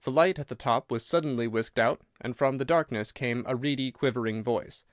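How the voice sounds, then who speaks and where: Male audiobook narrator, mid-pitched, measured and steady; dry close mic. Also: no echo. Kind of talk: scripted narration.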